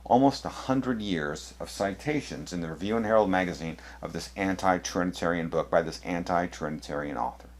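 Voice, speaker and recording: A man's voice: sits low, brisk, hardly any pauses. A man presenting an apologetics video, walking through on-screen documents with sarcastic, emphatic delivery. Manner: sarcastic, emphatic, leans hard on key words. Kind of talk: critical lecture over on-screen documents.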